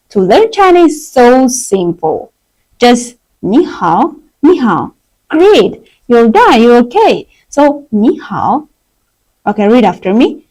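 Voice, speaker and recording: A woman runs a live-streamed language class, leading her viewers through slow repetition drills. Her talk is unhurried and her pitch rises and falls a lot, with a fairly high but mellow tone. Her English is simple and non-native. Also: low-quality recording. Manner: drills words slowly for learners to repeat. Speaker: Chinese teacher.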